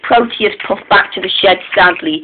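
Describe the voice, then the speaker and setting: A storyteller improvising a storybook tale, halting with many restarts and repeated words. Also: mid-range voice. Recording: tinny phone-like sound, faint hiss.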